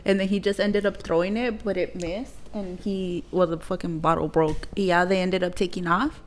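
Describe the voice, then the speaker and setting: A young woman co-hosts a casual podcast, telling a story with plenty of swearing. She throws herself into the quotes, getting louder when she acts out what people said. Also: fairly low pitch, fairly even intonation, normal speed. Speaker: podcast co-host.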